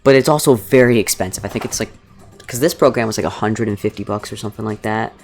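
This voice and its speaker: A woman's voice: extremely low pitch, fast, a little mellow. A woman streaming from her living room couch, chatting casually and rambling as she embroiders, swearing now and then. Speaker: streamer making fursuit badges. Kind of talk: casual live-stream chat.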